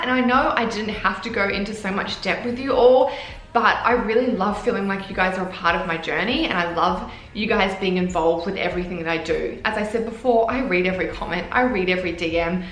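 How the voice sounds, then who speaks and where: Gushing excitable woman vlogger, roomy sound. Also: medium pitch. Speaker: fitness clothing brand founder. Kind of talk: casual vlog talk to camera.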